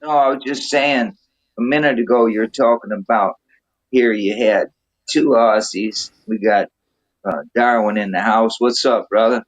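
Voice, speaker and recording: A man's voice: medium pitch, a little slow, low-quality recording. Easygoing man in online chat. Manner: easygoing, reads a joke aloud. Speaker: podcast co-host.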